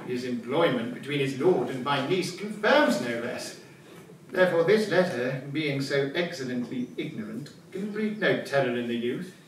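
An actor playing a rowdy, boozy, scheming older knight in a live stage play, with boisterous laughing delivery. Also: male voice, mid-range voice, expressive, moderate pace, slight background noise, close to an everyday voice. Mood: gleeful. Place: large old timber barn. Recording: echoey barn, voice from far off.

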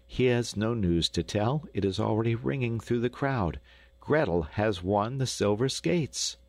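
A man narrating a classic children's story for an audiobook in a lively, expressive way. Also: mid-range voice, a little slow, no echo. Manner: lively, expressive, rising with excitement. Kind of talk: scripted narration. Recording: dry studio recording.

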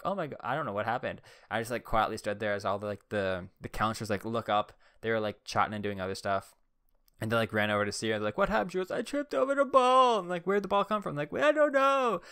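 A man's voice: on the low side, pushed and bright, clean tone, dry recording, clean studio sound. A young man hosting a podcast, telling rambling stories casually and filling his talk with "like". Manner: rambling, heavy use of "like" fillers. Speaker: podcast host. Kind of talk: casual storytelling.

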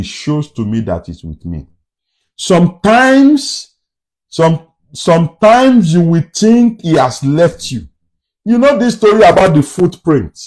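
Slow, animated man preaching a sermon. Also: medium pitch. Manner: emphatic, repeats rhetorical questions.

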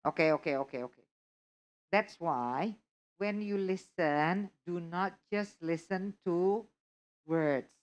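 A woman teaching an English test prep class, often checking that her students follow. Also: mid-range voice. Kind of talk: live online lesson.

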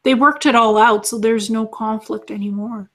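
A woman channeling as an alien being, calmly teaching and repeating her lessons as numbered lists. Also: fairly high pitch, normal speed.

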